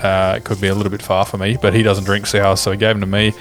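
A man's voice: fairly low pitch, completely flat delivery, quick pace, faint music behind. A man, a podcast co-host talking in a laid-back, dry way in casual chat with mates.

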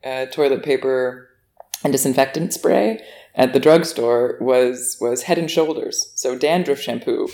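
A woman with an American accent chatting casually and telling stories in an animated, amused way. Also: very deep voice, measured pace. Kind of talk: casual chat.

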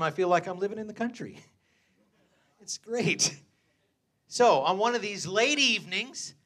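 A middle-aged man preaching a storytelling sermon, chuckling often, saying "uh" and "amen" a lot, and swinging from low asides to loud, fervent preaching. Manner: chuckles often between phrases, peppers speech with "uh" and "amen". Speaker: pastor.

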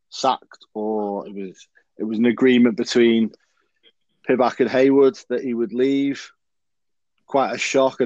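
A man hosts a casual rugby chat, rambling along with plenty of ums and restarts. His voice sits at a middle pitch. The recording is dry and a bit dull and lo-fi. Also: darkish tone, no echo. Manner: chatty, rambling, full of fillers and restarts. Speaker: podcast host.

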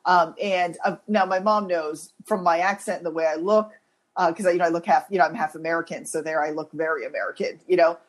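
A woman co-hosting a podcast, telling stories in a lively, self-deprecating way and laughing as she talks. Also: lowish voice, fast. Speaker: podcast co-host. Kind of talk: casual conversational storytelling.

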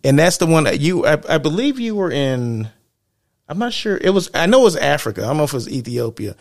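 A man's voice: on the high side, sing-song, fast talker. A man hosting a casual podcast interview, chatty and affirming with frequent yeahs. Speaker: podcast host.

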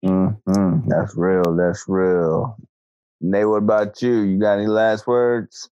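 A man's voice: fairly low pitch, level tone, slow pace, dark tone, clear, resonant tone, dry recording, dull audio. A man hosting a casual podcast, laid-back and laughing often as he moves the talk along. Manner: laid-back, laughs a lot, runs the segments. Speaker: podcast host.

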